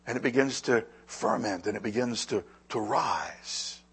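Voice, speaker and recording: A man preaching a sermon with a raspy voice, moving between quiet, slow emphasis and loud, lively passages. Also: fairly low pitch. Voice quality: husky. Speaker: pastor.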